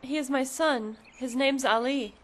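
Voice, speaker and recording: A determined, high-voiced mother. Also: unhurried, a little hiss or hum. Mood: anxious. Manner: earnest and pleading. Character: determined mother searching for her lost son. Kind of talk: dubbed drama acting.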